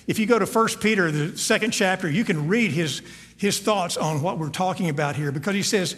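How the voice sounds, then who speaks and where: A male pastor delivers a sermon to his congregation, earnest and prone to repeating words while searching for what comes next. He sounds high-pitched, brisk and a bit bright, and the church sanctuary gives a long hall reverb.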